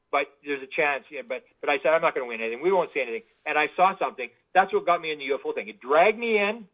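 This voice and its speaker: Man, interview guest, animated storytelling, talks fast, tinny phone-like audio. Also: a little high. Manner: animated, repetitive restarts.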